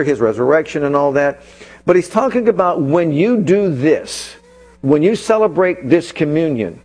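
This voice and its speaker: A man preaching a sermon as pastor, retelling scripture with dramatic storytelling and slowing down for emphasis. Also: a little high, darkish tone.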